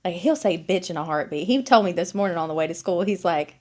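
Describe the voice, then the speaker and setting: Woman podcast co-host, thirties, lively storyteller, acts out quotes, swears freely. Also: mid-range voice, brisk. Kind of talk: casual chat.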